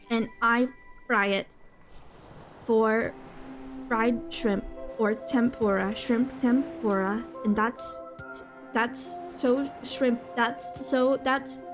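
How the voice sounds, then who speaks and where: A woman's voice: on the high side, fairly even intonation, slow, long pauses, music in the background. A woman streaming a fishing game, chattering to her chat in a bubbly way, gasping with delight and repeating her lines playfully. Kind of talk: casual gaming stream chatter.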